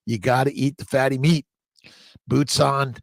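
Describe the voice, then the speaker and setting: A man's voice: mid-range voice, fairly even intonation, unhurried, creaky, dry recording, studio quality. A man hosting a casual livestream, reading out viewer comments and greeting them in a rambling, upbeat way. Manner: rambling, upbeat, repeats catchphrases and restarts words. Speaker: livestream host.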